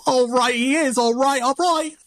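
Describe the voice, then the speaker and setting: A man putting on an exaggerated English accent to play a rowdy, excited bloke, loud and shouty. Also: very high voice, normal speed, voice pushed up. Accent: put-on English.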